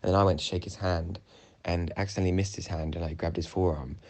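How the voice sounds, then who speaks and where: A man's voice: deep voice, fairly even intonation, fast, a little mellow. A young man, casually retelling a dream, rambling with many fillers and restarts. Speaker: podcast co-host.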